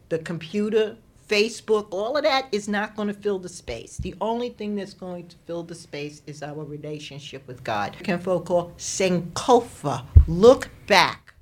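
A woman, a radio guest, giving an inspirational faith talk with preacherly rises and falls. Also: medium pitch. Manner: preacherly, rising and falling with emphasis.

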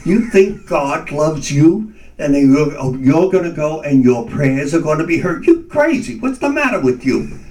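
A man's voice: fairly high pitch, very animated, moderate pace, darkish tone, distant mic. A man putting on a sneering inner voice. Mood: mocking. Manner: taunting, scornful. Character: sneering, mocking inner voice, male, spiteful.

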